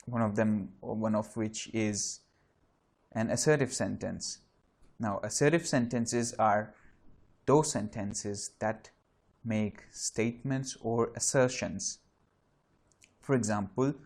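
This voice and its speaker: Low-voiced man teaching grammar. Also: slow pace, long pauses, darkish tone. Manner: explains step by step, with restarts and fillers. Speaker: English teacher. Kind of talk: online grammar lesson.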